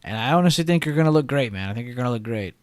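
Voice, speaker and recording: A man's voice: mid-range voice, expressive, rapid-fire, darkish tone, smooth, no echo. Chatty man hosting a trading stream. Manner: chatty, reads chat aloud, laughs often. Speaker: livestream trading host. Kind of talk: casual livestream commentary.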